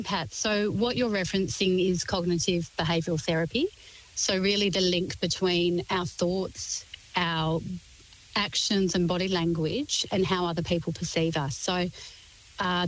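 Female expert guest, composed and articulate, slightly low voice. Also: normal speed, rough recording. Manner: composed, articulate explaining in lists. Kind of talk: radio interview.

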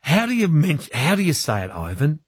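An Australian man co-hosting breakfast radio, loud and boisterous, full of slang. His pitch swings wildly as he talks. His voice is rough and husky. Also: wildly swooping pitch, a little fast, no room sound, studio quality. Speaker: radio co-host. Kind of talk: casual radio chat.

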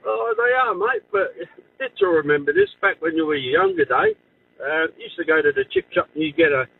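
A man's voice: extremely high pitch, sing-song, fairly quick, vocal fry, breathy edge. An Australian man calling in to a radio show, chatting nostalgically. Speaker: caller. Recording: tinny phone line.

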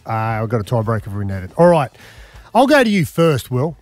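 A man's voice: mid-range voice, wildly swooping pitch, no echo, faint music behind. An Australian man hosting a breakfast radio show, cheeky and teasing. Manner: cheeky, teasing, quick to joke. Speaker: radio host.

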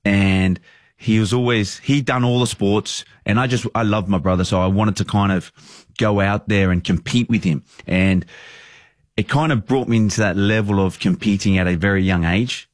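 Brief: Australian football manager around 30, low voice, close dry sound, earnest rambler. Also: male voice, fairly even intonation, normal speed, dry recording. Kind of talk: casual podcast interview.

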